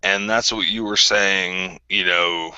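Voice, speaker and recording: Slow, blunt man ranting on a call. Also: low-pitched, fairly even intonation, sharp tone, smooth, dry recording, dull audio. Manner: blunt, combative, repetitive. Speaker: group call host. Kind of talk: confrontational ranting callout.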